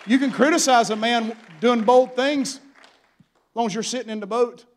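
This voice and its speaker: A man's voice: very high-pitched, moderate pace, some chatter behind. A man preaching a sermon as a pastor, in a folksy, humorous style with building fervor.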